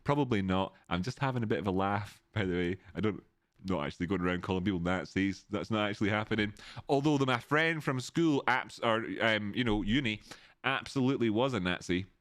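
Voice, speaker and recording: A man hosts a casual live stream, greeting viewers by name and drifting through tangents. His voice sits on the low side. The recording is dry and close, with no room sound. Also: a little fast, fairly bright tone, no room sound.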